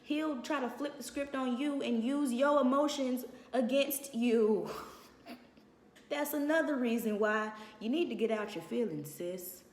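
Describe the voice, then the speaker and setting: A woman's voice: fairly high pitch, unhurried. A woman giving blunt, sassy life advice in a casual talk, laughing now and then, recorded in an echoey room. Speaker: advice vlogger. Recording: echoey room with long reverb.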